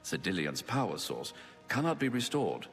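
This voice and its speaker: A condescending, sardonic servant, speaking low with lively shifts of pitch. His voice carries a long reverb in the game audio, with soft music underneath. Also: moderate pace, exaggerated voice. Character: dry, sarcastic male servant of a mad god. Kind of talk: video game voice acting.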